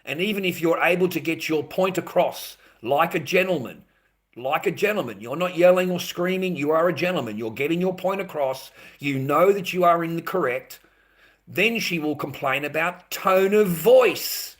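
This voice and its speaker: A man's voice: a little high, expressive, normal speed. A man hosting a livestream, ranting bluntly and swearing constantly, repeating his points and calling viewers mate. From Australia. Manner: repetitive, addresses viewers as mate. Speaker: livestream host. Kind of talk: livestream rant.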